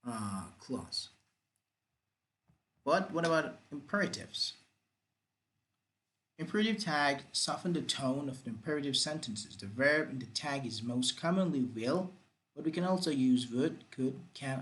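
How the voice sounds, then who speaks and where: Over poor audio, a man with a medium-pitched, slightly bright voice teaches an English grammar lesson. He repeats example sentences with exaggerated rising and falling intonation.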